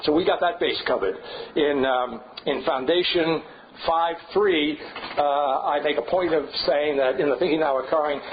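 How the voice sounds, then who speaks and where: A man's voice: fairly high pitch, normal speed. Older man lecturing in a seminar, lo-fi. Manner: thinking aloud, frequent restarts and asides. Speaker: seminar leader. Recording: dull lo-fi recording with faint hiss.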